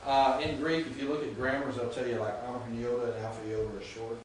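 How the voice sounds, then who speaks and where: A fast-talking Greek teacher with a level tone and medium pitch lectures his class, patient and checking often that students understand. The mic sits at a distance in an echoey room, picking up slight background noise.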